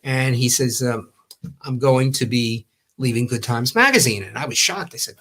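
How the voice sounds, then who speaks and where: A man's voice: mid-range voice, lively intonation, normal speed. An older man from the New York area, a former magazine owner, telling long anecdotes in casual talk and acting out the quotes. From Long Island, New York. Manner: rambling, warm storytelling with acted-out quotes.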